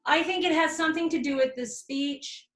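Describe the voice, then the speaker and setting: A woman's voice: sits high, moderate pace, fairly bright tone. Woman soothing healer, roomy echo. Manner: soothing, repetitive invocations. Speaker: shaman healer. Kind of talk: guided energy healing and chat on a video call. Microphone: video call.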